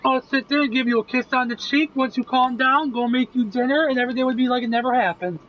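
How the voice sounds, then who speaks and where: A man's voice: extremely high pitch, steady tone, fast, muffled recording, a little hiss or hum. A man casually talking while playing a game, earnest and reassuring, with plenty of swearing. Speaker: gameplay video creator.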